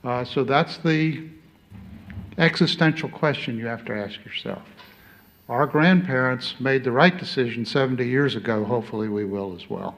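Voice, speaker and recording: A man's voice: medium pitch, moderate pace, a bit bright. Middle-aged ambassador guy on a panel, keeps saying okay, pushy rhetorical questions. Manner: emphatic, rhetorical, punctuated with "okay?". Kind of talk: conference panel remarks.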